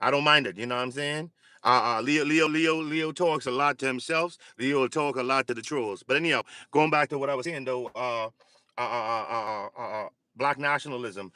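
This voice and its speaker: A man hosting a casual livestream, talking in halting starts with many fillers and repeated words. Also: medium pitch, pushed and bright, clean tone, no echo. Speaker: livestream host.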